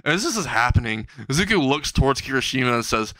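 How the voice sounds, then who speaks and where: A man narrating an improvised comedic fan story, rambling along and chuckling to himself. His voice sits mid-range with a bright, sharp edge. The recording is dry, close to a home mic. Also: medium pitch, sing-song, fast, no echo. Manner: rambling, chuckling between lines.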